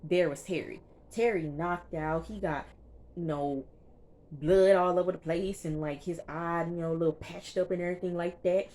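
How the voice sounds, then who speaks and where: A woman's voice: lowish voice, normal speed. Chatty woman recapping a TV show. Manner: chatty and animated, keeps checking in with listeners. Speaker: TV reviewer. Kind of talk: casual episode recap.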